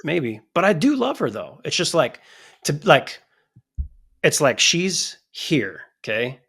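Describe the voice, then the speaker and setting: Casting: male podcast co-host, gravelly texture, animated and profane delivery. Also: on the high side, slow pace. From United States. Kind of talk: casual chat.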